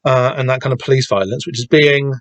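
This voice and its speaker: A man's voice: medium pitch, brisk, dry recording. A man hosting a podcast, talking casually and rambling with many restarts and the odd swear word. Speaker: podcast host discussing a comic.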